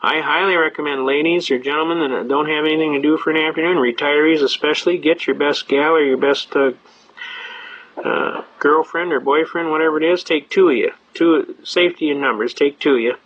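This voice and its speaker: A man's voice: fairly high pitch, steady tone, brisk, a bit bright. Older man telling folksy anecdotes, lo-fi. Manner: rambling, chatty storyteller with frequent uh fillers. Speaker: speaker on citizens' rights. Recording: dull lo-fi recording.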